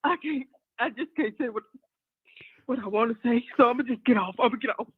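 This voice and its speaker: A fairly high-voiced man makes his case on a call-in show, earnest and repeating himself. The sound is thin, tinny and dry, as over a phone line. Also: a little fast, breathy edge, no room sound. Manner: earnest, repetitive, getting emotional. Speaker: caller. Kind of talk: call-in commentary.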